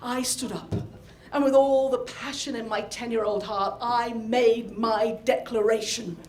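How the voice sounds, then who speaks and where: A woman from the north of England, performing a personal story live with animated, dramatic delivery. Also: a little high, a little slow, roomy sound, a little hiss or hum. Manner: animated, dramatic, acts out scenes. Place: storytelling event venue.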